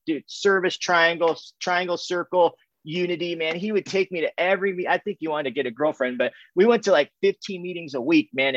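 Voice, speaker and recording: A man's voice: fairly high pitch, fairly bright tone, no echo, lo-fi sound. A man telling his recovery story in a loose, chatty way, piling up "and, and" and sprinkling in "man" and "dude", with self-mocking humor. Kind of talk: personal testimony told as casual storytelling.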